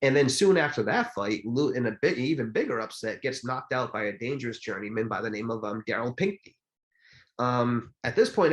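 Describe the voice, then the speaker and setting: A man co-hosting a podcast, telling boxing stories in a casual, animated way with lots of fillers. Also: medium pitch, poor audio. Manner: animated storytelling with many fillers. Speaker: podcast co-host. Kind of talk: casual chat about boxing history.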